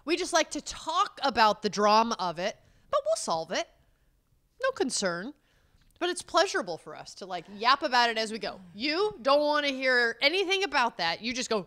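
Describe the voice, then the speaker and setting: Animated woman in a lively chat. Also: a little high, brisk. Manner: animated, acts out both sides of arguments. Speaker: podcast co-host. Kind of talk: casual chat.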